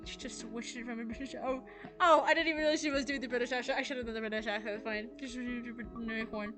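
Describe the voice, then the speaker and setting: A woman's voice: a little high, fairly even intonation, fast talker, fairly bright tone. A woman hosting a let's play, reading a visual novel aloud in a casual way, with fillers and restarts. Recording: game music behind.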